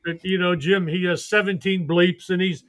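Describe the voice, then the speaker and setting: An older man, a retired baseball coach, telling animated stories and acting out the voices of the people in them on a podcast. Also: high voice, normal speed. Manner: animated, laughing storyteller who acts out voices. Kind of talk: storytelling on a podcast.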